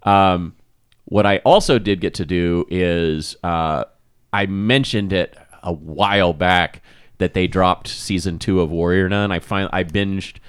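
A man co-hosting a podcast, chatting casually in a relaxed, rambling way with fillers and restarts. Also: deep voice, slow pace, clean tone, dry recording, clean studio sound. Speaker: podcast co-host. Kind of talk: casual chat.

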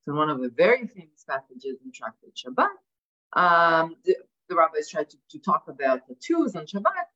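A woman's voice: on the low side, fairly bright tone. A woman giving an academic lecture, asking rhetorical questions and often adding "right?". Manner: frequent restarts and repeated words. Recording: dull lo-fi sound.

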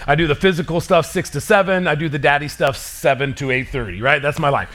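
A man in his thirties preaching a sermon as pastor, telling a story with mock screams and quick asides. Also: a little high, a bit bright.

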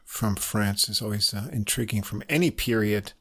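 Gravelly man co-hosting a podcast. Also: lowish voice, moderate pace, fairly bright tone. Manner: dry joking, many uh fillers. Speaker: podcast co-host. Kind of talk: casual chat.

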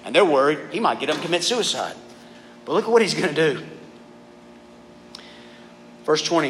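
This preacher's voice sits on the high side, a bit fast, with frequent pauses. He reads scripture and talks casually with a youth group in an animated, conversational sermon, often saying "guys," recorded in a reverberant hall with faint background noise.

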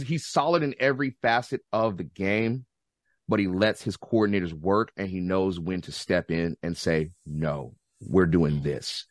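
An American man talks sports in a loose, rambling podcast chat, his pitch swinging up and down as he gets fired up. He keeps restarting sentences and tosses in slangy asides. The sound is close and dry, with no room echo. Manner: animated, rambling, with many restarts and slangy outbursts. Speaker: guest football fan.

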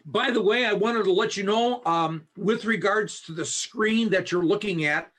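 A man with a fairly high, husky voice teaches a Bible study over a video call. He speaks in an earnest, measured way, with brisk stretches between slower recitations. His sound comes from a camera mic at home. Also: a bit bright. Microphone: high definition video camera.

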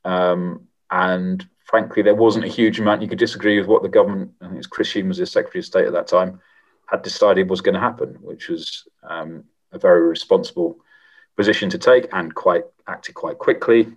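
Deep husky middle-aged man. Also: steady tone. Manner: measured, frequent ums and restarts. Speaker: former MP, guest. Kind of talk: reflective interview answers.

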